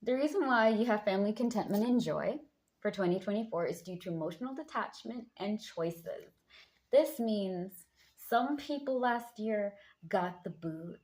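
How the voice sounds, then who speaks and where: Chatty woman giving a hype tarot reading. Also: moderate pace. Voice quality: a bit deep from just waking up. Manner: lively, hypes viewers up with pet names. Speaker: tarot card reader. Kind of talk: casual tarot reading monologue.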